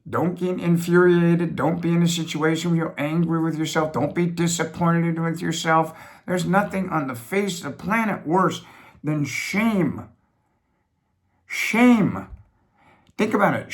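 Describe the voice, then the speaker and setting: A middle-aged man talking alone from his home office, rambling and repetitive, pressing his points hard and then slowing right down. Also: on the high side. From United States. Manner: rambling, repetitive, emphatic with sudden slowdowns. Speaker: business funding host. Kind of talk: reflective monologue.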